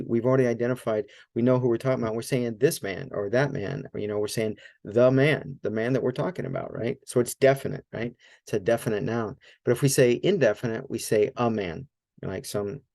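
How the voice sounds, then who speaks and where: A man teaching Greek grammar in a relaxed, informal way, explaining step by step and often checking with "right?". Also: mid-range voice, creaky, dry recording. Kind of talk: casual teaching.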